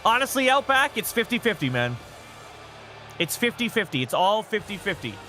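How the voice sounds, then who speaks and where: A man hosts a live game stream, chatting off the cuff and reading out chat messages at a moderate pace. His high, bright, very animated voice jumps up at each big moment of the match, with soft music in the background.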